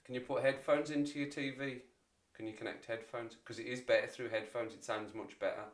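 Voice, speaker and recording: A man in his forties hosts a casual livestream, talking to viewers briskly in a steady, medium-pitched voice. He rambles and makes fun of himself.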